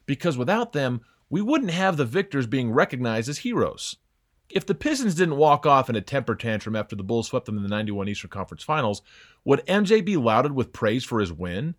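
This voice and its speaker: A man's voice: mid-range voice, big pitch swings, normal speed. Sarcastic young man giving sports opinions. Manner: sarcastic, mocking, theatrical emphasis. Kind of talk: scripted sports opinion commentary.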